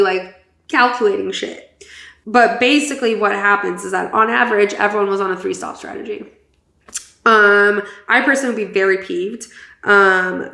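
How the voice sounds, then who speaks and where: Gravelly-voiced gossipy woman podcast host. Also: medium pitch, pushed and bright. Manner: chatty and gossipy, swears, many fillers. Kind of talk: casual chat. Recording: roomy echo.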